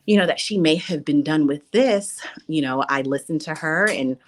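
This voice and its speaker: Earnest woman telling a family story. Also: deep voice. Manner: earnest, halting, with excited outbursts. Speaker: guest, older sister. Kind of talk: emotional personal storytelling. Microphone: video call.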